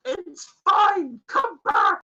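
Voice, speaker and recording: A man voicing a cheerful female airship captain, calling out in a squeaky, shouted voice. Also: level tone, slow, highs cut off, heavily acted. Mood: alarmed, reassuring.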